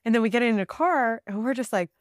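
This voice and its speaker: A woman guest on a podcast, telling a trip story in a casual, animated way with fillers and bursts of laughter. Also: a little high, fast talker, no echo, clean studio sound. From Southern California.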